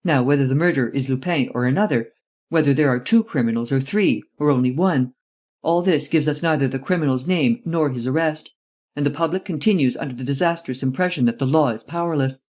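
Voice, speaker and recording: Brisk and exclamatory, an audiobook narrator plays an impatient statesman who blusters and pushes for quick results. It's a natural, slightly mellow male voice at medium pitch.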